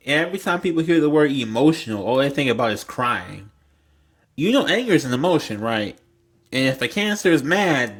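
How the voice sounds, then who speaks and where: A young man giving a casual tarot reading, rambling and blunt, swearing freely and filling his talk with "like". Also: fairly high pitch. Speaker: tarot reader.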